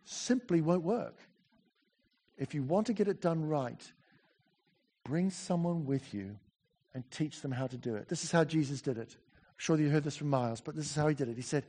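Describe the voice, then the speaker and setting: A man preaching a sermon in a church, chatty and animated, full of asides and self-corrections. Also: fairly high pitch, moderate pace, long pauses.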